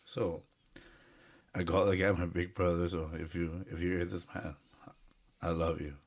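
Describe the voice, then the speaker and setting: A man co-hosting a podcast speaks in a very low, deep voice at normal speed with a level tone. His casual chat is earnest and heartfelt, rambling along with plenty of fillers and restarts.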